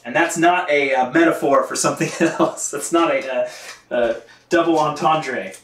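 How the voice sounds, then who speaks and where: A man's voice: a little high, moderate pace, a bit bright, reverberant, a little hiss or hum. A man chatting casually on a live stream, laughing often and reading out viewer comments while cleaning his bike. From United States.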